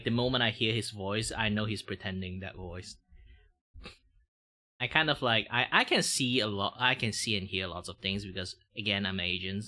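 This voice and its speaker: A man's voice: lowish voice, sharp tone. A man with a Malaysian accent, a VTuber chatting casually and loosely while he draws on stream, full of fillers and restarts. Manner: rambling, loose grammar, many fillers.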